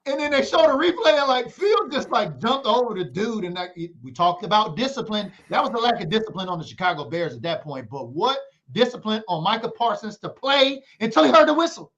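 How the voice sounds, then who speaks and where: Male sports podcast co-host, high voice, playful trash talk, lo-fi sound. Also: sing-song, a little fast, hardly any pauses, a bit bright. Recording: dull lo-fi audio.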